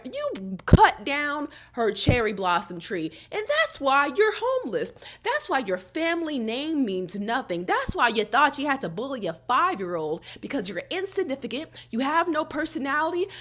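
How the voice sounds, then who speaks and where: A woman talks through an anime episode in a loose, slangy vlog voice, throwing sassy jabs at the characters. Her voice sits a little high and swings all over with lively expression. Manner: animated, sassy, roasting the characters. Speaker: anime recap vlogger. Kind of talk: casual slangy episode recap.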